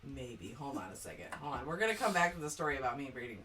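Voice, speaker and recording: A woman co-hosting a podcast, telling stories in a lively, laughing, casual way. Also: a bass voice, fast, a crowd in the background. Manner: animated storyteller, often laughing. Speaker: podcast co-host. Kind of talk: casual chat. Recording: distant mic.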